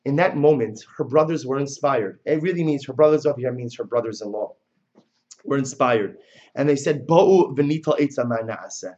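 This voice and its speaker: A male religious teacher giving a passionate lecture on religious texts, telling the story dramatically and moving between loud and soft. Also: mid-range voice, fairly quick, muffled recording.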